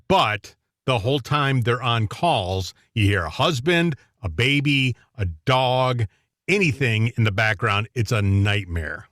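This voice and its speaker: A man co-hosting a casual radio talk show, opinionated and quick to chuckle. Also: medium pitch, lively intonation, fairly bright tone, no echo, clean studio sound.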